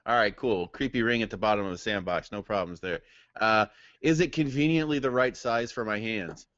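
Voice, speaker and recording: Man at a tabletop game, wry and deadpan, muffled dry mic. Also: on the low side, brisk, no room sound. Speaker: player. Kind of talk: casual tabletop role-play.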